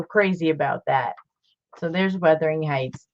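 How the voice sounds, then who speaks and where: A woman's voice: low voice, a little slow, long pauses, lo-fi sound, slight background noise. A woman talking casually as she shows off books from her collection, chatty and gushing over each find. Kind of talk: casual vlog show-and-tell.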